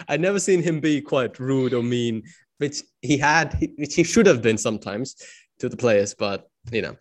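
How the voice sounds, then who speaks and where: A man hosts a relaxed interview. He asks long, winding questions, stalls on "uh" and "like", and chats along. His pitch is ordinary for a man. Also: unhurried. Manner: inquisitive, rambling questions with fillers. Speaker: host. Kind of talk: casual interview.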